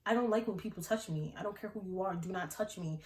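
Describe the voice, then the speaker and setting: A young adult woman vlogger telling a casual storytime in an animated, slangy way, often breaking into laughs. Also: fairly low pitch, quick pace. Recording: roomy echo.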